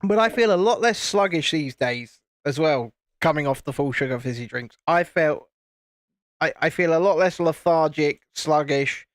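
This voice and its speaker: A man's voice: a little high, animated, normal speed, no echo, clean studio sound. A man, hosting a casual live stream, chatting and teasing while he builds a model. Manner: chatty, teasing, self-deprecating.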